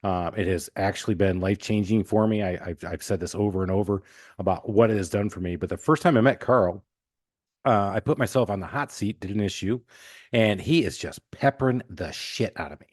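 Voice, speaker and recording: A man hosting a podcast, telling stories in a lively, joking way. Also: lowish voice, a little fast, dry recording, clean studio sound. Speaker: podcast host. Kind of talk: casual podcast conversation.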